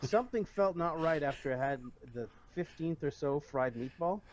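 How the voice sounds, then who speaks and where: A man, a player in a tabletop game, telling a wry personal anecdote in a casual, deliberate way over a video call. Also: a little high, expressive, slight background noise. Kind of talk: casual storytelling.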